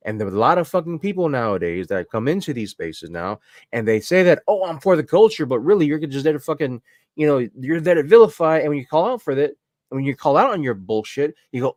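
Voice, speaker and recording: A man on a podcast, ranting heatedly and swearing often. His voice sits a little high and swings widely in pitch. The sound is close and dry. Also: fast talker, dry recording. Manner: heated, profane, animated ranting. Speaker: podcast co-host. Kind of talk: casual ranting chat.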